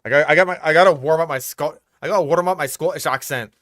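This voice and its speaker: A man's voice: on the high side, quick pace, a bit bright, dry recording, studio quality. A young man hosting a reaction commentary, exasperated and profane, picking apart what he hears. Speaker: host reacting to a video.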